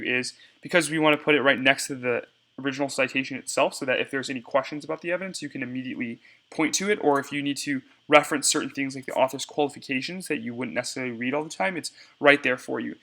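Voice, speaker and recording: A young man gives a casual step-by-step screencast tutorial on cutting debate cards, addressing viewers as "y'all." He talks fast at a medium pitch with a sharp tone.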